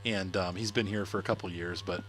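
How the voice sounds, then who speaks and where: A middle-aged gaming livestreamer with a low voice talks fairly quickly and with fairly even intonation, sounding a bit bright over a slight hiss or hum. He chats casually while playing, laughing frequently and replying to viewer comments.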